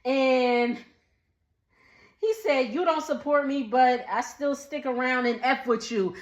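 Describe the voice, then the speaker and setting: A woman, giving a sassy, animated casual recap and talking back to the people on screen. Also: high voice, takes it slowly, roomy sound. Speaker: recap vlogger.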